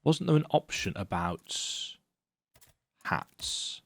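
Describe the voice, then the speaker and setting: A man giving casual let's-play commentary as he plays a game, with relaxed, muttered asides. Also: lowish voice, slow, vocal fry, no echo. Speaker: gaming YouTuber. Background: faint game music.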